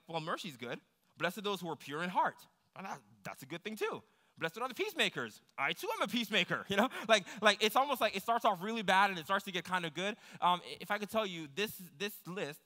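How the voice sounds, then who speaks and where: A man's voice: high voice, sing-song, fast talker, sharp tone. A man preaching a sermon in a conversational way, climbing to emphatic, pressing peaks. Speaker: pastor. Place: church hall. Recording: long hall reverb.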